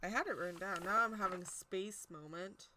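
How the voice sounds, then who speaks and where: A woman's voice: mid-range voice, brisk, pushed and bright, slight background noise. A woman giving a casual, chatty history talk on tarot, stumbling over hard names and poking fun at herself. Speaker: tarot teacher.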